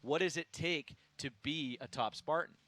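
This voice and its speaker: A man's voice: on the high side, normal speed, fairly bright tone. A man co-hosting a live race preview, chatting and asking the guest questions. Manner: conversational, agreeing interjections. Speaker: co-host commentator. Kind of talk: live sports preview commentary.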